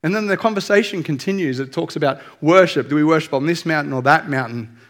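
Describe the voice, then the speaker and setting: Candid, higher-voiced male pastor. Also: quick pace. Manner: candid, self-deprecating storytelling. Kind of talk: conversational sermon.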